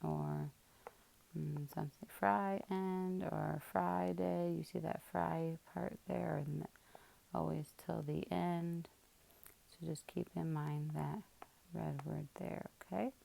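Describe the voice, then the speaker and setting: A woman's voice: low-pitched, steady tone, takes it slowly, creaky, mellow. A woman teacher working through a spelling lesson, patiently sounding out each word part by part.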